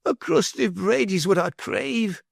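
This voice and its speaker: Man playing a meek old beggar, pleading, raised pitch, slow, dry sound. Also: animated, vocal fry, no echo, exaggerated voice.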